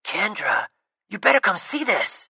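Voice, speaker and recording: A woman plays an eager, impulsive boy in an audiobook. The voice is bright and animated, with a husky grain, close and dry. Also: mid-range voice, a little slow, no room sound, voice pushed up, heavily acted. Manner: eager, blunt. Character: boy, impulsive bold younger brother.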